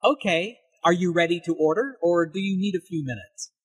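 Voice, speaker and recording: A man playing a brisk, polite waiter. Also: high voice, breathy edge. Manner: brisk, courteous service questions. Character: polite male restaurant waiter. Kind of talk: scripted dialogue for learners.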